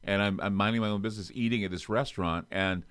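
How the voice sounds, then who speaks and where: Man, talk show host, low voice, storytelling, dry close sound. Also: fairly even intonation, fast talker, a bit bright, smooth, no echo. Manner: storytelling, theatrical. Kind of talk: casual interview chat.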